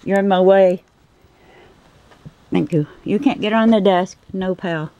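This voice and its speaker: Filming handheld at home one night, this woman coos at and scolds her pets sing-song style, then turns to address her viewers in casual talk. Her voice is medium-pitched, dark and clean in tone, at a measured pace, though the audio is dull.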